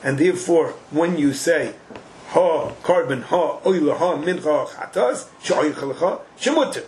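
Animated man teaching in a sing-song lilt. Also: fairly high pitch, normal speed, a little hiss or hum, low-quality recording. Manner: animated, sing-song chanting of the Hebrew and Aramaic text. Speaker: Talmud teacher. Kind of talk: Talmud class lecture.

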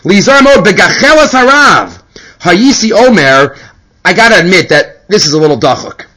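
A man giving a Torah lesson, moving quickly between Hebrew quotes and his own explanations in an animated way. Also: high voice, rough recording. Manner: animated, mixes Hebrew and English. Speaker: Torah teacher. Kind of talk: Talmudic lecture.

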